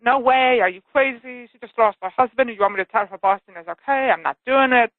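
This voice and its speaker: A blunt husband flatly refuses and is openly incredulous, as a woman acts him out in her story. The voice comes a bit higher and punchier than her own telling. It is heard through a tinny, dry phone line. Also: fairly quick, no echo, close to an everyday voice. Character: man, worried husband refusing outright.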